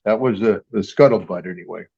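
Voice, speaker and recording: A man's voice: fairly low pitch, fairly quick, gravelly, mellow, breathy edge, highs cut off. An older man telling rambling, folksy stories with frequent chuckles in a casual interview. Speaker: guest and star of the show.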